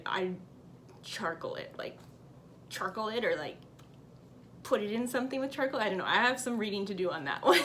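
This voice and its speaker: A woman's voice: medium pitch, fairly bright tone, a little hiss or hum. A woman hosting a cross-stitch vlog, chatting upbeat to camera and reading out viewer comments at home. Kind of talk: casual chat to camera.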